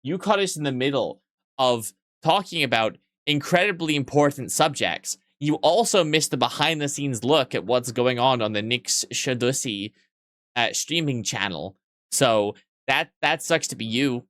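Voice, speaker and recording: A man's voice: medium pitch, expressive, a little slow, a bit bright, no room sound, studio quality. A man live-streaming and joking crudely with his chat, sleep-deprived yet weirdly awake, in a playful teasing manner.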